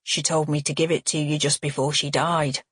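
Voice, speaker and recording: Female reader doing old dad with dementia: demanding, snappish, husky and low, dry close read. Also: little pitch movement, no echo. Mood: insistent. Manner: demanding, snapping, then lost and slow. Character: elderly father with dementia, confused then stern.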